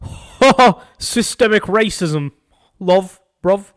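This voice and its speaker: A man's voice: high voice, animated, slow, voice pushed up. A man putting on a mocking British accent, playing a condescending British man. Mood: smug. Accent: put-on British. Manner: sneering, condescending.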